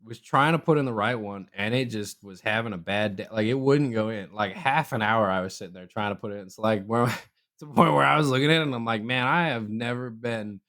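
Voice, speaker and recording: Fairly quick and animated, this young podcast co-host relays a casual story in a relaxed voice. His pitch springs up each time he voices someone he's quoting, then falls back to his ordinary register.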